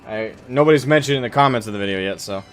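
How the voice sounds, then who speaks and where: A man's voice: mid-range voice, fast, a bit bright, soft background music. A man streaming a video game, chatting casually and thinking aloud, with lots of fillers and restarts. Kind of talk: casual gameplay stream chat.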